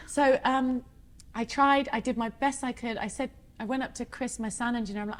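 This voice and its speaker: A chatty woman in her thirties, talking as a singer in a relaxed interview. Her voice sits a little high, and she tells her stories with lively, laughing energy. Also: moderate pace. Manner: chatty, animated storyteller who laughs often. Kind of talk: casual chat.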